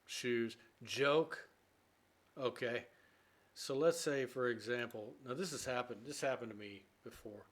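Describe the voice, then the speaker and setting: A man explaining English idioms in a relaxed lesson. He talks in a loose, chatty way, with plenty of fillers, and acts out short everyday scenes to make each point. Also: medium pitch, a little slow. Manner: chatty, with many fillers and play-acted quotes. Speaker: English teacher.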